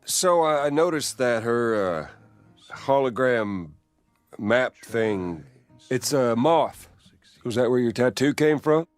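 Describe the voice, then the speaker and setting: An actor voicing a gruff middle-aged man in a video game, teasing in a dry, laconic drawl. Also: mid-range voice, lively intonation, slow, dry recording, soft background music. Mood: gently curious. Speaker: game character.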